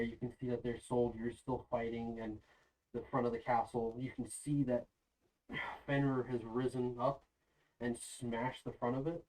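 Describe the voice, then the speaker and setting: A man's voice: medium pitch, a little mellow. A man running a tabletop game as game master, narrating the action loosely with many fillers. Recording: voice a bit far from the mic.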